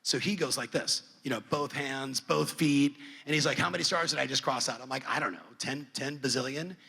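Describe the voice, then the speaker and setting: A middle-aged man speaking on a conference stage, telling a family story with lively acted-out dialogue. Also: mid-range voice, a little fast, gravelly, slightly rough. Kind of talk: storytelling keynote. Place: large conference hall. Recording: long hall reverb.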